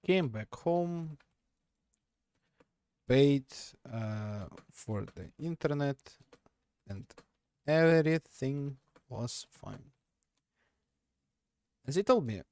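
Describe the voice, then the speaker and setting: A man tells a rambling story at an easy, drawn-out pace, his voice swinging widely up and down. He corrects himself as he goes and laughs at himself. The sound is dry and close. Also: mid-range voice, expressive, darkish tone, clear, resonant tone, dry recording. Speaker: live streamer. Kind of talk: casual storytelling on a live stream.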